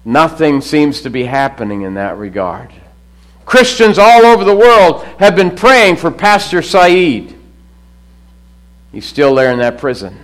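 A middle-aged man preaching a sermon, swinging between loud emphatic lines and low hushed drops. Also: big pitch swings, a little slow, low-quality recording. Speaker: pastor.

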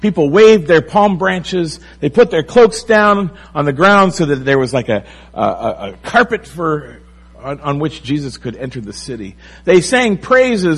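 Pastor, male, husky voice, slow unhurried delivery, sermon with lively swings in emphasis. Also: sits high, low-quality recording. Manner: animated preaching, rising and falling emphasis.

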